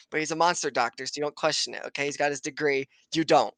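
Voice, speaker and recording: A man's voice: a little high, fairly even intonation, fast, fairly bright tone, no room sound. Man, podcast host, casual recap, swears a lot, laughs often, dry sound. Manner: profane, laughs often, loose rambling retelling. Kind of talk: casual chat recapping an anime episode.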